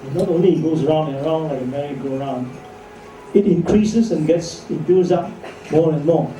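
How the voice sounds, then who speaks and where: A man's voice: on the high side, normal speed, dark tone, faint music behind. A man giving a chatty medical lecture to doctors, joking and asking rhetorical questions. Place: lecture hall. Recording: echoey hall from far off, faint noise.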